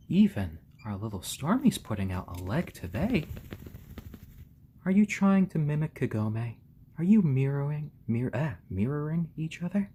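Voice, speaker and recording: Gentle man doting on baby chicks. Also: medium pitch, big pitch swings, normal speed, husky. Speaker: live stream host. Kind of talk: casual live stream chat.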